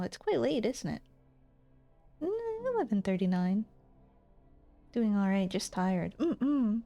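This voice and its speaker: A woman's voice: medium pitch, mellow. A woman streamer chatting casually with her chat between visual novel lines, friendly and giggly, thanking viewers.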